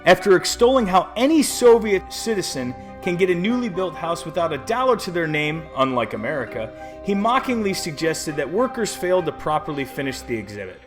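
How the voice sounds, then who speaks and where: A man's voice: on the high side, sing-song, brisk. A man narrating a scripted history video with sarcastic, jokey asides. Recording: voice-over with faint music.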